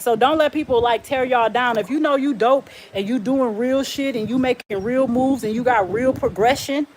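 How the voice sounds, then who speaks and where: A woman on a casual live stream, speaking in a somewhat high voice. She is blunt and defiant, laughs often, and talks straight back to viewers' comments. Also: slight background noise.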